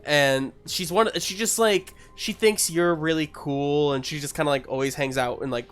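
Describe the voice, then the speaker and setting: A man's voice: a little high, moderate pace, fairly bright tone, clear, resonant tone, faint music behind. A man narrating as game master in a tabletop game, in a loose, filler-heavy way.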